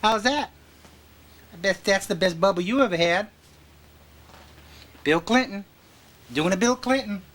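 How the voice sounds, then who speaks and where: A man's voice: high-pitched, normal speed, pauses often, fairly bright tone. A man improvising a goofy comedy skit, jumping between silly character voices.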